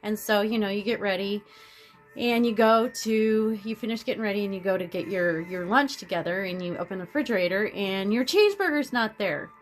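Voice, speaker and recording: A woman vlogger rambles casually through a self-help idea, often restarting sentences, using fillers, and animatedly acting out everyday stories. Her medium-pitched voice moves fairly quickly over soft background music.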